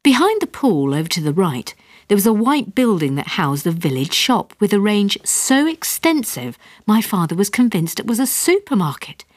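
A woman's voice: mid-range voice, very animated, moderate pace, no room sound. A woman narrating a comic memoir-style story in a wry, dry storytelling manner.

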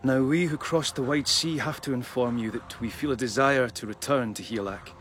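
A man's voice: mid-range voice, moderate pace, fairly bright tone, faint music behind, lightly acted. Beowulf, a man voicing a proud solemn hero. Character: Beowulf, bold young warrior hero, solemn. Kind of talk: dramatic reading of epic verse.

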